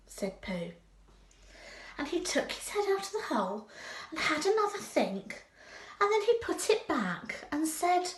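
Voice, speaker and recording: Slow, lively teacher reading a storybook. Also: female voice, high voice. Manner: gentle, expressive read-aloud. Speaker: primary school teacher. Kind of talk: storybook read-aloud for children. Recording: echoey room.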